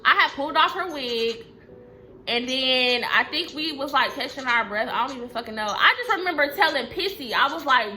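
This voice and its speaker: A young woman telling a storytime vlog in a blunt, profane, animated way. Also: high voice, moderate pace, faint music behind. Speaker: vlogger.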